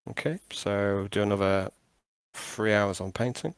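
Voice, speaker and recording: A man's voice: fairly low pitch, a little slow, clear, resonant tone, no echo. A man running a tabletop game over a call, rambling and hesitant with many fillers and restarts. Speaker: game master.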